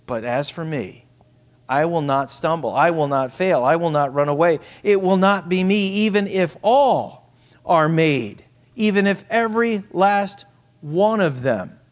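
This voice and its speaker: A man's voice: mid-range voice, measured pace, lightly acted. A man voicing a boastful grown male disciple who insistently repeats his vows. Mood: vehement.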